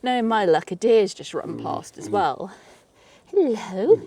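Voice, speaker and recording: A woman with a mid-range, sing-song voice that is slightly creaky and mellow talks at normal speed, with no room sound. She vlogs casually while biking through a forest, chatting as she rides and cooing at the animals she comes across.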